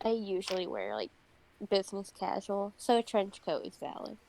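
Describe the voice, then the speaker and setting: A woman's voice: mid-range voice, big pitch swings, moderate pace, gravelly, a little mellow, a little hiss or hum, low-quality recording. A woman playing a tabletop game in a breezy, casual manner. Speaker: player.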